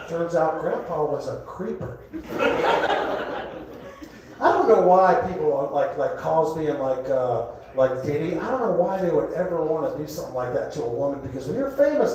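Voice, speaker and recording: Middle-aged guy doing rambling standup, kinda high voice, echoey club taped from the back, crowd laughing. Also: very animated, normal speed. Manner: rambling, jokey, breaks into shouted bits. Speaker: stand-up comedian. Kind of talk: stand-up set. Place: comedy club. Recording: echoey club recorded from far off.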